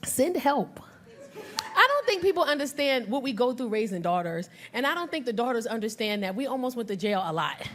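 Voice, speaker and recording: A woman doing stand-up comedy on a club stage, brash and animated, acting out voices and working the crowd. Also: a little high, a little fast, a little hiss or hum. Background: audience laughter.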